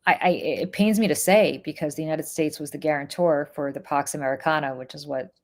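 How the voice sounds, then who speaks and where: A woman's voice: sits low, fairly even intonation, brisk. A woman with a Russian accent co-hosting a political podcast, talking in an earnest, emphatic way with lots of fillers. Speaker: podcast co-host. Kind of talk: casual political podcast chat.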